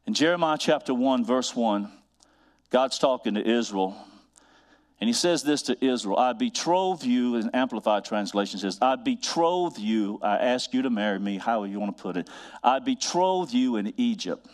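Male pastor, sermon, emphatic refrains, slow drawn-out scripture reading. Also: mid-range voice, expressive. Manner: preachy, rising to emphatic repeated refrains.

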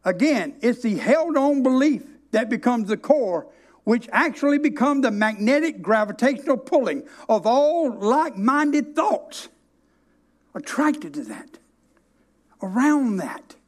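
High-voiced preacher, emphatic. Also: male voice, big pitch swings. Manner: storytelling, emphatic, with dramatic slow stresses. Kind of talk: sermon.

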